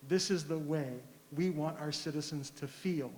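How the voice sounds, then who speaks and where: A man giving public comment at a community session, earnest and deliberate, with frequent fillers. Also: on the high side, darkish tone, roomy sound, long reverb tail, a little hiss or hum. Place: large school hall.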